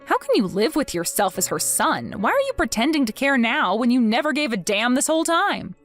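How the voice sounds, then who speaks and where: A woman's voice: on the high side, very animated, brisk, faint music behind. A woman voicing a vengeful young wife who speaks in a mocking, sarcastic way. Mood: taunting. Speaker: wife in a text-message story.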